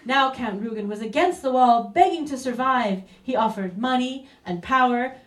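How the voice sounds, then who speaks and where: Woman, comic storyteller, theatrical, playful, fairly high voice, roomy distant sound. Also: lively intonation, normal speed, hardly any pauses. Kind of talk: comic live story reading.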